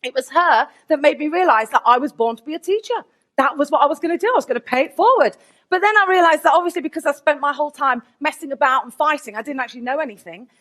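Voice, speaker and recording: A woman, a teacher giving a candid, lively conference keynote with asides to the audience. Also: sits high, fast. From England, Nottingham.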